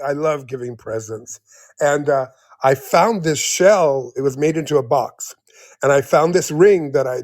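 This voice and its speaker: A man's voice: on the high side, a little mellow, no echo, clean studio sound. Rambling man in his seventies. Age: 70s. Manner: rambling, many restarts, laughs often. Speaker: guest. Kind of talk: casual storytelling in an interview.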